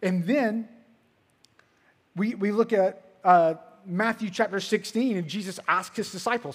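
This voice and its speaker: A man giving a sermon as a pastor, telling the story casually with filler words and swinging between loud emphasis and hushed moments. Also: high-pitched, measured pace, breathy edge, big-room sound.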